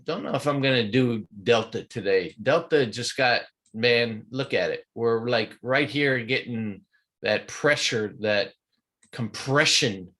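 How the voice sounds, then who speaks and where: A man's voice: medium pitch, fairly bright tone. A man hosting a live pre-market stock trading show, walking through charts in folksy slang and greeting viewers in the chat.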